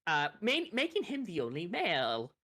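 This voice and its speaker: Lively woman narrating a tabletop game. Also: on the low side, moderate pace, a crowd in the background. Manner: animated storytelling with laughs. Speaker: dungeon master.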